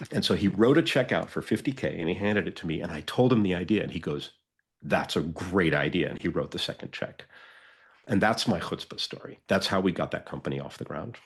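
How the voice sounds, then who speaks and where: A man co-hosting a podcast, telling a story in a casual, animated way and acting out the dialogue. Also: deep voice, a little fast, gravelly, slightly rough. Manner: animated, acts out quoted dialogue. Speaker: podcast co-host.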